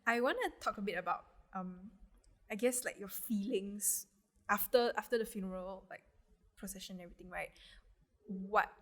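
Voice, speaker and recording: A woman hosting an interview, asking gentle, hesitant questions. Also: medium pitch, normal speed. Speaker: podcast host. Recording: distant mic with long reverb.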